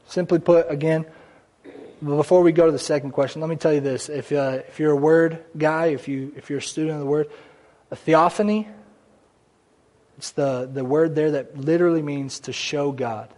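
A man preaching a lively sermon. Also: a little high, normal speed. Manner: conversational preaching, with asides and little jokes. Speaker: pastor. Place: church sanctuary.

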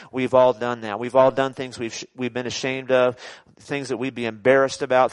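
A man preaching a sermon in an animated, conversational way, acting out scenes dramatically. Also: mid-range voice, dry recording. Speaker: pastor.

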